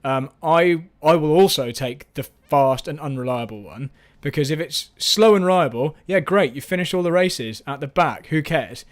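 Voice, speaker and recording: A man's voice: a little high, expressive, moderate pace. A man hosting a casual live-stream chat, rambling and self-mocking, with frequent restarts. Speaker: host.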